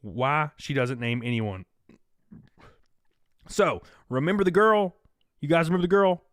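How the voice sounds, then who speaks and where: A man's voice: on the high side, measured pace, a bit bright, no echo, studio quality. A man hosting a casual livestream chat, talking loosely, laughing at his own jokes and reading out donations. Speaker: livestream host.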